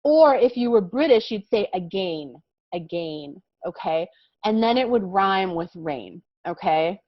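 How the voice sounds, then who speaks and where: A woman's voice: mid-range voice, expressive, dry recording, highs cut off. Patient American woman teaching little kids. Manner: patient, encouraging, explains slowly with many "okay?" checks. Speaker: kindergarten English teacher. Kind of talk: online vocabulary lesson for young children.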